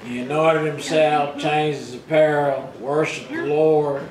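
A man preaching a sermon as pastor, retelling scripture in plain everyday speech and rising loud for the quoted rebukes. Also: a little high, steady tone, measured pace, echoey room, over a noisy crowd, rough recording.

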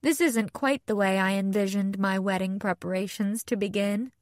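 A woman's voice: medium pitch, fairly even intonation, normal speed, dry recording, clean studio sound, lightly acted. A woman doing a weary, anxious young bride. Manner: tired, hesitant.

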